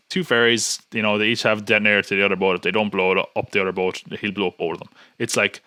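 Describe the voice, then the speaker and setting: A man's voice: on the low side, pushed and bright, no echo, studio quality. A man hosting a podcast in casual chat, rambling and nitpicking with many restarts. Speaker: podcast host.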